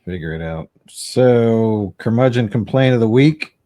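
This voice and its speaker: A man's voice: medium pitch, expressive, unhurried, warm tone. A man co-hosting a comedy podcast, ranting in a profane, curmudgeonly way. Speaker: podcast co-host. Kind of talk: casual comedy podcast chat.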